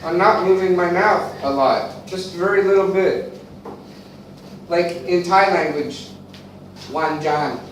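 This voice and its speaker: An American man with a fairly high voice leads an English class, speaking slowly and repeating words for drill. He is picked up from across an echoey classroom with a faint hum behind him. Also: distant mic. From eastern United States. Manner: slow, deliberate drilling with repetition. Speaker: English teacher. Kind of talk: classroom teaching.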